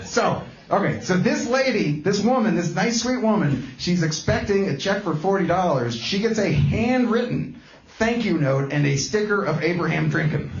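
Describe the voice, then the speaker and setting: A man's voice: high voice, lively intonation, moderate pace, echoey room, muffled recording. A man doing live stand-up comedy with a guitar, telling a story in rambling bursts full of restarts. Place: small comedy club.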